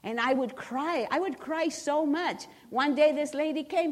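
A middle-aged woman with a slightly raised pitch gives a personal testimony at a church service. She speaks earnestly and emphatically, circling back and restarting her phrases as she presses her point. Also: a little slow, a little hiss or hum. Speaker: church member giving testimony.

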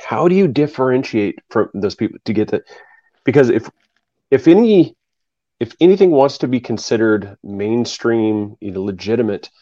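A man's voice: mid-range voice, lively intonation, moderate pace, mellow, dry recording. Podcast host guy rambling along, dry kinda muffled audio. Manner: rambling, restarts and repeats himself. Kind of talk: casual chat.

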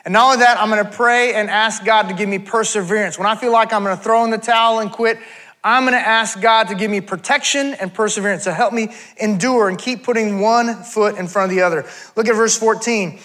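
High, bright-voiced male pastor preaching. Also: steady tone, fairly quick. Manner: conversational preaching with asides and self-corrections. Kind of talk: sermon. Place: church.

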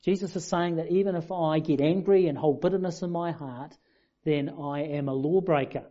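Guy giving a sermon, mellow and chatty, pokes fun at himself, sound a bit muffled. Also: a little high, normal speed. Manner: conversational, self-deprecating humour. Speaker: preacher. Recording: dull lo-fi sound.

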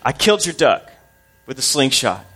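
A man's voice: medium pitch, sing-song, normal speed, fairly bright tone. A man voicing a guilt-ridden little boy blurting out a confession, in a sermon story. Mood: desperate.

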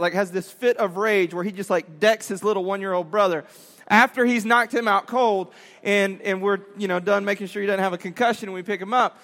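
A man, a father, telling a story to young listeners in an animated way, acting out quotes and laughing often. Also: sits high, in a large hall. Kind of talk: storytelling talk.

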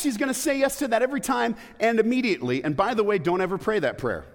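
A pastor preaches a sermon in a church, his voice sitting high with lively intonation as he talks fast with hardly any pauses. He keeps it conversational, using rhetorical questions and playful asides. The recording carries a long hall reverb.

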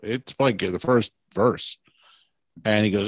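Homem grave e rouco, conversa solta. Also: male voice, lowish voice, slow pace, breathy edge, dry recording. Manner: rambling, laughs while telling stories. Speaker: podcast co-host. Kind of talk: casual chat.

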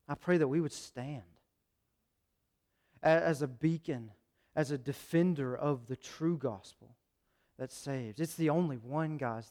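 A man preaching a sermon as pastor, urgent and animated, acting out little quotes. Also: a little high.

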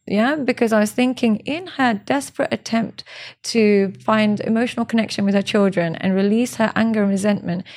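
A woman's voice: medium pitch, a little mellow. A woman, a relationship coach speaking as a podcast guest, telling stories in an earnest, emotional way. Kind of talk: candid podcast interview.

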